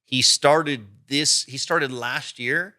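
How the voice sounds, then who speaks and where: A man's voice: mid-range voice, slow pace, sharp tone, no echo, studio quality. A man co-hosting a podcast, telling stories in a loose casual chat full of fillers and trailing asides. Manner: rambling, filler-heavy storytelling. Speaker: podcast co-host.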